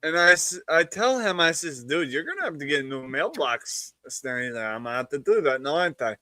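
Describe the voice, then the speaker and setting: A man's voice: fairly high pitch, sing-song, a little fast, bright, forceful tone, no echo. A man hosting a live-streamed chat show, telling a long rambling story, laughing often and acting out what other people said. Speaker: podcast host.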